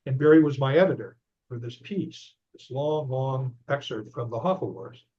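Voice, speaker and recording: A man's voice: medium pitch, normal speed, husky. Older man telling an anecdote, dull audio. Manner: animated anecdote-telling, recounting dialogue. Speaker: author and investigator, interview guest. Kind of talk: conversational storytelling.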